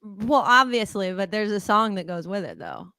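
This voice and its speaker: A woman's voice: medium pitch, normal speed, sharp tone, dry recording. A woman co-hosting a casual chat show, telling a story in a chatty way and laughing often. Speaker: co-host.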